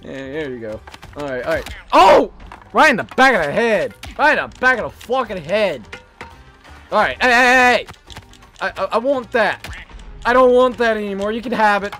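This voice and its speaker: A game streamer giving profane live commentary, shouting and laughing at the game. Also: medium pitch, animated, normal speed, faint music behind.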